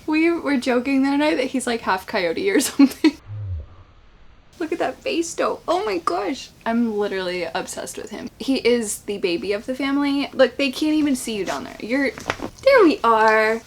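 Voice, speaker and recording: A woman chatting casually at home in a reading vlog, excitable and gushing, laughing often between thoughts. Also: a little high, moderate pace. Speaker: book vlogger.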